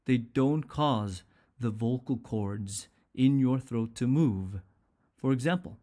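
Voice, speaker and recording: A man's voice: mid-range voice, measured pace, a little mellow. A man teaching an English pronunciation lesson, speaking carefully and repeating sounds and example words one at a time.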